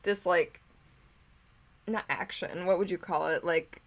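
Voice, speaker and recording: A woman's voice: fairly low pitch, steady tone, a little slow. Female co-host, casual film chat, hesitant, lots of "like", trails off. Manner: hesitant, heavy use of "like", trailing off. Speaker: movie review co-host. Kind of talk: casual conversational film review.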